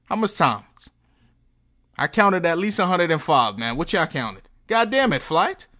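A man reacting to a hip hop music video, mocking the verses with animated, joking commentary and frequent laughs. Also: fairly high pitch, measured pace.

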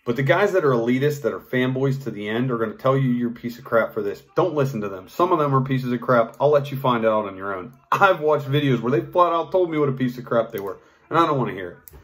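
A man ranting in an unscripted vlog, swearing freely and rambling with restarts, growing louder and higher as he gets worked up. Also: animated, fast talker. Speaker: knife hobbyist vlogger.

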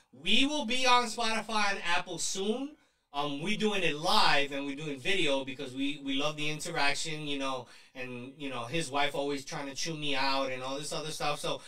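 A man co-hosting a podcast, chatting casually and joking with lively swings in his voice. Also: reverberant, distant mic. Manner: lively, joking, quick shifts in pitch. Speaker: podcast co-host and coach. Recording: voice set back from the mic.

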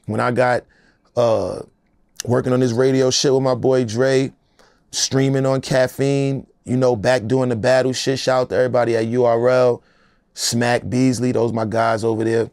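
A middle-aged man, a rapper, speaks in an interview with a gravelly, rough edge to his voice. He talks in a loose, emphatic, streetwise way. The sound is dry and close-miked. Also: medium pitch, level tone, normal speed, darkish tone, no room sound. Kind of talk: casual interview talk.

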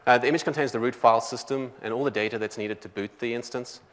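A man with a South African accent giving a technical conference talk, talking quickly with many fillers and restarts. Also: mid-range voice, steady tone, a bit bright, in a large hall. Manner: quick, loose delivery full of "um" and restarts. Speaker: conference presenter. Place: large conference hall.

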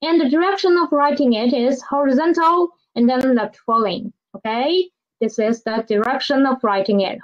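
A woman's voice: high voice, normal speed, highs cut off. A woman teaching a pinyin lesson, repeating each word and asking learners to read after her. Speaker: Chinese language teacher. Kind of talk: slow classroom pinyin lesson.

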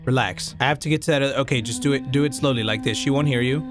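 A young man from Mexico with a Mexican accent, commentating a horror game, coaching himself in hushed tones, then yelping and swearing, switching into Spanish. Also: mid-range voice, racing, over music. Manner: jumpy, swings from hushed self-coaching to loud yelps, profane, switches into Spanish. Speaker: gaming YouTuber. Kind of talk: let's play commentary.

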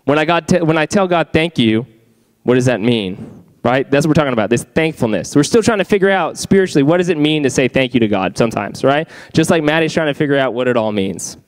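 Youth pastor, young man, higher voice, smooth and clear, keeps asking the room questions. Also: expressive, fast talker. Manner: chatty, asks the audience questions. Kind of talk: youth group sermon.

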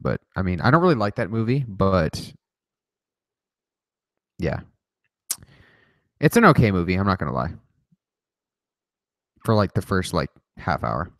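A man's voice: low voice, a bit bright, dry recording, clean studio sound. A man hosting a livestream, answering viewer questions in a casual, joking way with plenty of swearing and rambling asides. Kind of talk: casual rapid-fire Q&A livestream.

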